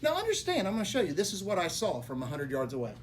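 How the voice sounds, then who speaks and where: In a real estate office meeting room, a mortgage lender gives a motivational talk to realtors, dramatically telling a personal story as he drops into hushed low tones and then bursts out loudly. His pitch swings hugely and he talks fast, with slight background noise.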